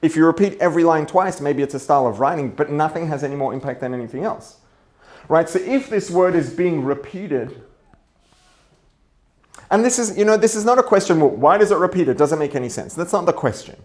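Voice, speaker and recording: Higher-voiced man teaching scripture. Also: animated, fairly quick. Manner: repeats and rephrases points, thinks aloud; asks rhetorical questions. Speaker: rabbi teaching Torah. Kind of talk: explaining a text to an audience.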